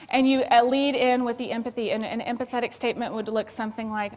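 A woman's voice: a little high, steady tone, moderate pace, long reverb tail. A woman who is a school administrator, giving a conversational parenting seminar and acting out examples for the audience. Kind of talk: seminar talk. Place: seminar hall.

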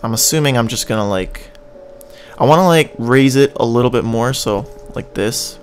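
A Canadian man talks his way through a video game in a loose, rambling commentary. His voice sits at an ordinary middle pitch, and he jokes and hums tunes between thoughts. Faint noise sits under the voice. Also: normal speed. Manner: rambling and joking, hums and scats tunes while playing. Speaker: gaming channel host. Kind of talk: casual gameplay commentary.

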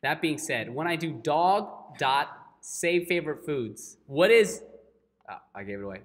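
Male coding teacher, live class, unhurried delivery, keeps checking in with the room. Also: fairly high pitch, animated. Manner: keeps checking in with "right?" and apologizes a lot. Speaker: coding instructor.

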